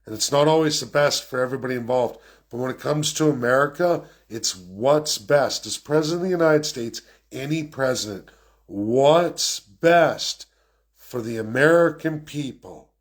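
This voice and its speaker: Man, vlogger, political rant, quick, emphatic, repeats himself. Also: mid-range voice. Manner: fast, emphatic, repeats phrases. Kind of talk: unscripted ranting monologue.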